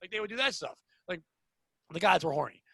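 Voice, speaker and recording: A man co-hosting a podcast in casual chat, animated and crude, with bursts of shouting. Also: high-pitched, a little fast, gravelly, dry recording. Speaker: podcast co-host.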